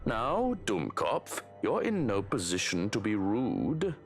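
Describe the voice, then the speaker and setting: A mocking young murderer in a story game. He threatens and taunts with a lively, swooping pitch. Game music plays loudly under the voice. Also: takes it slowly, heavily acted. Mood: menacing. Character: menacing young male killer, cruel and mocking.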